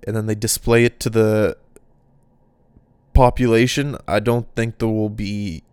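A man's voice: on the low side, level tone, measured pace, a little mellow, clean tone, no room sound, clean studio sound. A man hosting a casual solo podcast, rambling through off-the-cuff thoughts. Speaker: podcast host.

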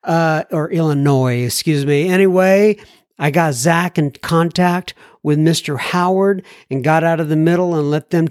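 A man's voice: fairly high pitch, a little mellow, smooth, no room sound, clean studio sound. A man hosting a recovery podcast, reading listener mail with folksy asides, little jokes and frequent ums and self-corrections. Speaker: podcast host.

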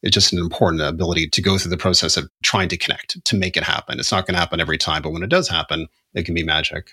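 Deep, husky-voiced male podcast host. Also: fairly even intonation, bright, forceful tone. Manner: measured, explains ideas and asks questions. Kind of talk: reflective conversational chat.

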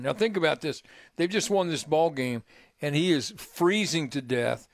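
A man's voice: fairly high pitch, moderate pace, dry recording, clean studio sound. An older man hosting a sports radio show, telling long rambling anecdotes with many restarts and "right?" tags. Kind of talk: casual radio storytelling. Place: radio studio.

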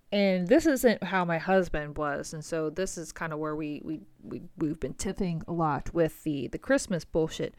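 A woman's voice: mid-range voice, darkish tone, no echo. Podcast host, woman, thirties, blunt and fed up, swears a lot, dead-dry recording. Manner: frank, exasperated, swears freely. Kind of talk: casual solo podcast venting.

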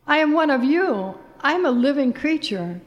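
A woman's voice: high-pitched, lively intonation, normal speed, muffled recording. A woman voicing a woman turned into a small sparrow, begging strangers for help in a pleading voice.

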